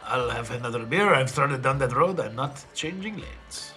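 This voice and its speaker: A man playing a tabletop game, animated and chatty. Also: medium pitch, normal speed, faint music behind. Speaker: player. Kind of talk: tabletop role-play.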